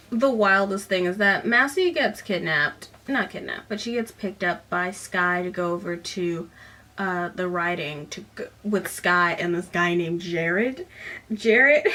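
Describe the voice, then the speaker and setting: A woman's voice: medium pitch, slow pace, bright, forceful tone, slight background noise. Woman, casual book-review vlogger, rambling delivery heavy on fillers. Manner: rambling, lots of "like" fillers and sighs.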